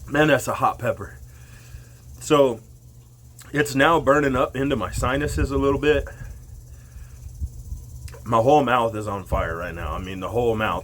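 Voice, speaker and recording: A man with a mid-range voice vlogs casually to the camera, talking slowly as his mouth burns, eyes water and nose runs. He breaks into loud whoops, and there's slight background noise.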